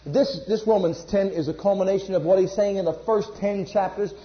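A man preaching a sermon, emphatic, jumping between loud bursts and quiet asides. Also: high voice, brisk. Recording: echoey room, dull lo-fi sound.

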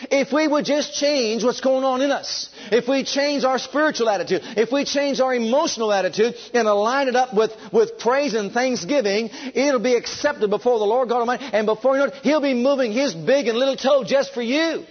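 A man preaching a sermon with fervent, drawn-out emphasis, leading his congregation to repeat after him. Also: extremely high pitch, muffled recording. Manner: leads the congregation in call and response.

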